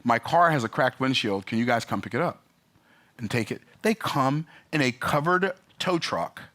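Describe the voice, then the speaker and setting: Animated, bright-voiced man ranting. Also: moderate pace. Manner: animated, emphatic storytelling with pitch jumps. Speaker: business vlogger. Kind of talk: opinionated talking-head rant.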